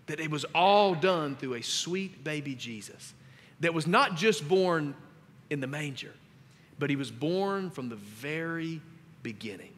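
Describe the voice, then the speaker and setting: High, bright-voiced preaching pastor. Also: male voice, expressive, measured pace, big-room sound, slight background noise. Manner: emphatic preaching, swells louder on scripture. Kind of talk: sermon. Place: church sanctuary.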